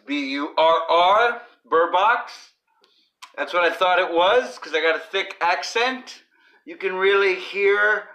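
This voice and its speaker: Dude hosting a comedy podcast, talks slow and goofy, bright kinda tense voice. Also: male voice, a little high. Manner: goofy, riffs and sings silly bits. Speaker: podcast host. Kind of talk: rambling comedic podcast chat.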